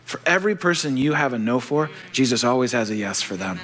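A man preaching a sermon, animated and joking, acting out the voices of the people he quotes. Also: mid-range voice, quick pace. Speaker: pastor.

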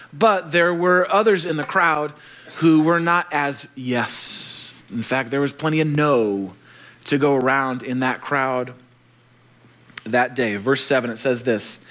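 A man preaching a sermon, animated and joking, acting out the voices of the people he quotes. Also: mid-range voice, moderate pace. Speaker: pastor.

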